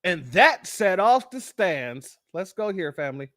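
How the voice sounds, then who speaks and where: An American man hosting a live-stream commentary, sarcastic and animated, calling his viewers family. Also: sits high, a little slow, noisy background. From United States.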